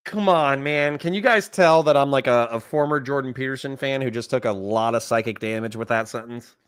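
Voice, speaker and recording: A man's voice: medium pitch, fairly quick, clear, resonant tone, no echo, clean studio sound. A man commenting on a clip during a live stream, reading chat messages aloud and reacting with exasperation.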